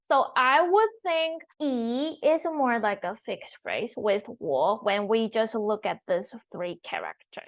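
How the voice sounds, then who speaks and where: Patient female language teacher, a touch high-pitched, spells out each example slowly, muffled home recording. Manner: slow, careful explanation with repeated example words. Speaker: Mandarin teacher. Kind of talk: online language lesson.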